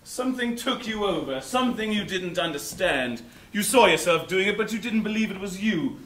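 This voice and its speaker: A man's voice: high-pitched, normal speed. A man playing a bumbling, mock-grand police inspector in an amateur stage comedy. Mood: theatrical. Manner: theatrical, lively, mock-grand. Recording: echoey theatre hall from far off.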